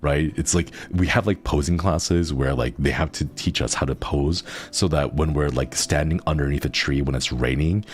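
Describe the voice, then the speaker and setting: A man's voice: rumbling low, normal speed, few pauses. A man streaming casual chat with viewers, playful and rambling, often laughing.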